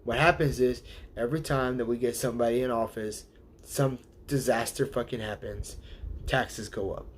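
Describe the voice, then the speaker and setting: A man hosting a live show, talking in a casual, animated monologue and slipping into quick voices of the people he quotes. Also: mid-range voice, slight background noise. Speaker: host.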